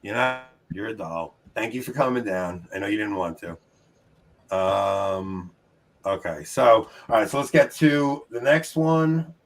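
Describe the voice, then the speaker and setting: A man with a Long Island New York accent hosting a casual trivia livestream from his home, upbeat and chatty, laughing often and tossing quick asides to the chat. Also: fairly low pitch, animated. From New York, United States. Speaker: trivia show host.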